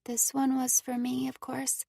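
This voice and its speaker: A woman voicing a timid, injured young girl who speaks in a small, soft voice in an audiobook. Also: high-pitched, completely flat delivery, unhurried, vocal fry, no room sound, clean studio sound, voice pushed up, full character voice.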